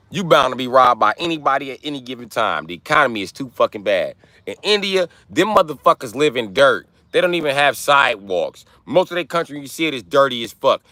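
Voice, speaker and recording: A man's voice: medium pitch, pushed and bright, dry recording. A man hosting a livestream, ranting in brash, profane trash talk. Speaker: livestream host. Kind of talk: live-stream rant.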